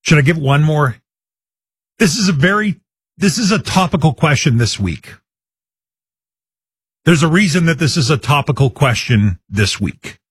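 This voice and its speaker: Upbeat guy hosting a call-in radio quiz, kinda husky, lively pitch, dry studio sound. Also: moderate pace, long pauses, no echo. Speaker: radio talk show host.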